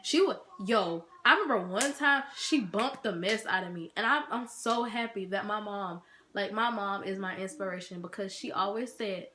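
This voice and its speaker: A young woman in her teens telling a school story to camera in an animated, slangy way. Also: medium pitch, normal speed, a little hiss or hum. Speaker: vlogger. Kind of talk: story time vlog.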